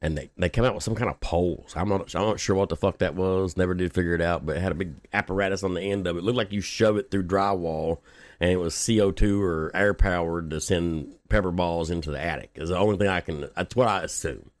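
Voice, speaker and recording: Deep-voiced man telling a story. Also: quick pace, no room sound. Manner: laid-back, profane, laughs often. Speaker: local news podcast host. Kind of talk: casual storytelling.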